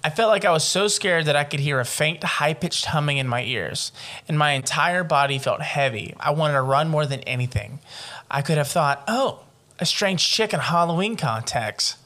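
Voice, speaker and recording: A man's voice: on the high side, normal speed, bright, forceful tone. A man hosting a casual podcast, reading a listener's scary story aloud and breaking off into profane jokes. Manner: profane, joking commentary. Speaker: podcast host.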